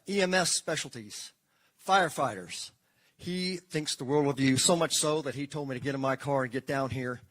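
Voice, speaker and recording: A man's voice: mid-range voice, low-quality recording. A man speaking as a government advisor, giving a public speech in a folksy, joking, storytelling way at an indoor ceremony on a podium microphone.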